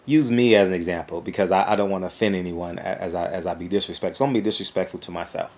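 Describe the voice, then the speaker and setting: Male YouTube commentator, fairly low voice, animated, rambling, repeats himself. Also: very fast, few pauses. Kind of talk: casual opinion vlog.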